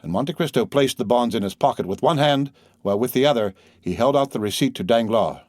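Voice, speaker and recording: A man narrating an audiobook in a measured, even reading style. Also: medium pitch, dry recording, studio quality. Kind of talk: scripted narration.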